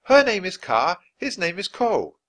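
A man's voice: sits high, pitched above the performer's own voice, heavily acted. A man voicing an eager, cheerful young girl adventurer in a children's storybook reading. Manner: bright, excited and quick to act.

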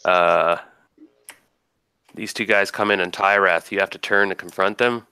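A man's voice: low-pitched, steady tone, unhurried, bright, forceful tone, clean tone, dry recording. A man running a tabletop game as game master, casually narrating combat and thinking aloud over dice rolls.

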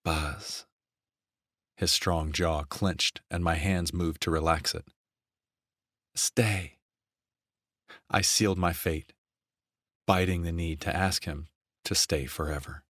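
A man narrating a romance novel in an even, steady storytelling voice on a close mic. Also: low voice, measured pace, no room sound. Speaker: audiobook narrator.

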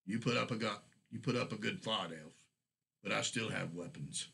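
Man voicing a gruff dwarf soldier, blunt, low husky voice. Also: normal speed, bright, forceful tone, heavily acted. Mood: defiant. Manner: blunt, exclaiming. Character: gruff male dwarf soldier in steam armor.

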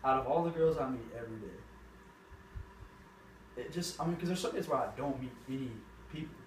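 A teenage man being interviewed, talking casually with loud, profane jokes and fast rambling. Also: medium pitch. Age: teens. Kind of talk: casual chat. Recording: roomy, distant, noisy.

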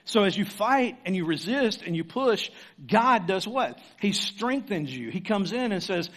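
Earnest pastor man preaching, high voice. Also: expressive, normal speed, fairly bright tone. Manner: earnest, exhorting, repeats key phrases. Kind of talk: sermon. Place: church room with audience.

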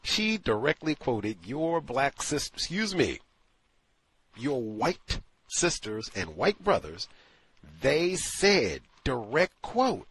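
A man's voice: medium pitch, big pitch swings, slow pace, fairly bright tone, husky, no echo. A man hosting a call-in talk show, speaking in an emphatic, incredulous monologue. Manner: emphatic, incredulous, acts out quotes. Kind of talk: opinionated radio monologue.

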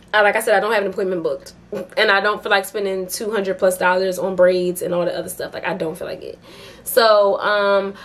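A woman's voice: medium pitch, fairly bright tone. Chatty young woman vlogging to camera. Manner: chatty, upbeat, laughs often, many fillers. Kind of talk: casual vlog chat to camera.

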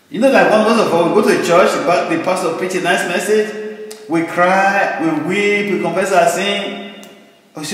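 Emphatic pastor in echoing hall. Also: male voice, sits high, moderate pace. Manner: repetitive, emphatic preaching. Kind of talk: sermon. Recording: very echoey church hall with long reverb.

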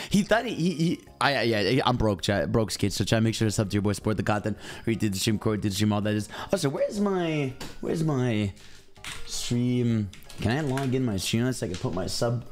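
A young adult man streaming, chatting casually and rambling while talking straight to his chat. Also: mid-range voice. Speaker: game streamer.

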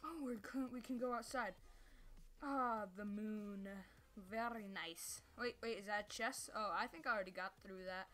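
Bright-voiced rambling gamer woman. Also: medium pitch, measured pace, faint music behind. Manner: rambling, easily sidetracked, stumbles over words; sudden excited yelps and squeals. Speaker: gameplay streamer. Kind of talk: casual live gameplay commentary.

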